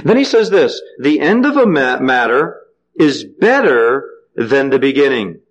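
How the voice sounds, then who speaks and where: A man preaching a sermon, asking the congregation questions and letting them call back the answers, with sudden swings in pitch and pace. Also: sing-song, measured pace, dull audio. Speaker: pastor.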